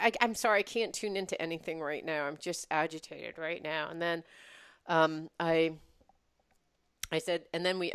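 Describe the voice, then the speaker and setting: A woman co-hosts a casual podcast and tells an animated story, stumbling over restarts and breaking into laughs. Her voice sits low and sounds smooth and clear. The recording is close and dry, with no room sound. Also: no room sound. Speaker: podcast co-host. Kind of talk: casual chat.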